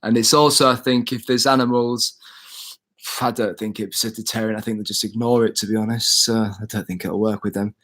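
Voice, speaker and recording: A man's voice: lowish voice, level tone, a little fast, fairly bright tone. Man, casual live stream chat, outdoors, phone at arm's length, rambling and self-correcting. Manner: chatty, self-correcting, reads out viewer comments. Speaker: cycle touring vlogger. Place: outdoors, showing his bike.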